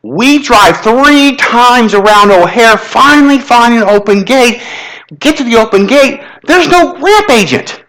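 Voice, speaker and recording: A man giving an inspirational talk to a congregation at a spiritual center, telling animated stories and leading call-and-response. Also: sits high, low-quality recording. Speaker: guest motivational speaker.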